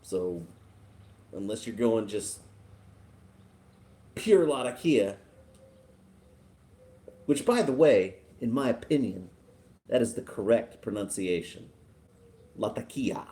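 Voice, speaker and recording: Slow, relaxed Texan livestream host. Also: male voice, lowish voice. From Texas. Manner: relaxed, chuckling, rambling. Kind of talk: casual live chat reading viewer comments.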